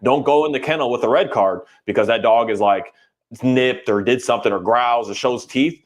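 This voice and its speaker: A dog trainer talking in a casual podcast conversation, animated and acting out quoted voices as he tells stories. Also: mid-range voice, moderate pace.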